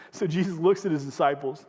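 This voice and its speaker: A man's voice: fairly high pitch, normal speed, a little mellow, husky, in a large hall. A male pastor preaching a sermon in a conversational way, often asking the congregation questions. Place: church sanctuary.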